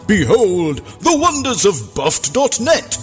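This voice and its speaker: A high, lilting, wish-granting fairy, voiced by a man, who drawls out slow theatrical pronouncements in a comedy radio ad. His pitch swoops grandly on every proclamation. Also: wildly swooping pitch, over music, exaggerated voice. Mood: grandiose. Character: grandiose male news fairy granting wishes.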